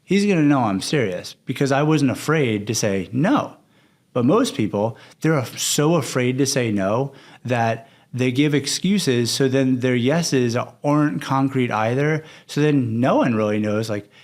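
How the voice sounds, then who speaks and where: A young man, a coach appearing as a podcast guest, talks candidly in a casual interview, telling stories and acting out quoted conversations. His medium-pitched voice has lively intonation and a measured pace.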